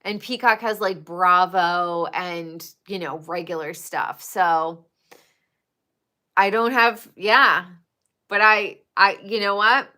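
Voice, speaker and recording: A woman's voice: lowish voice, slow pace, sharp tone. A woman livestreaming, chatting casually and gossiping with her viewers and swearing freely.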